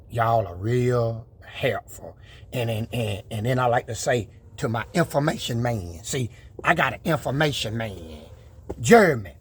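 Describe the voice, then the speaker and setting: A man's voice: medium pitch, husky. A man talking casually to his viewers about his truck build, boastful and preachy in manner.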